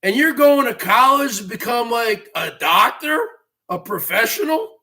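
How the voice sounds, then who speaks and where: A man hosting a livestream, ranting and mocking viewers, often breaking into shouts. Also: extremely high pitch, big pitch swings, measured pace. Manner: mocking, scolding, bursts into shouting. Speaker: livestream show host.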